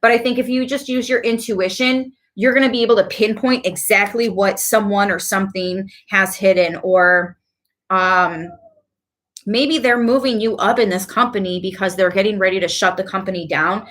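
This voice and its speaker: A woman giving a casual tarot reading to her viewers, chatty and quick to laugh, with animated asides. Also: mid-range voice. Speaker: tarot reader.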